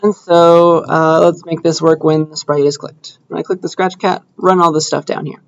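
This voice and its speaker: A man's voice: fairly high pitch, little pitch movement, normal speed. Casual male lecturer, lo-fi room recording. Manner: casual, checks in with students often. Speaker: computer science lecturer. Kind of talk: classroom lecture with live coding.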